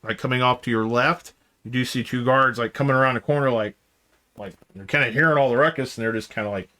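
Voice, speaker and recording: A man's voice: medium pitch, bright, forceful tone. A man acting as game master, narrating a tabletop game in a rambling way full of fillers. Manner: rambling, filler-heavy narration with quick character voices.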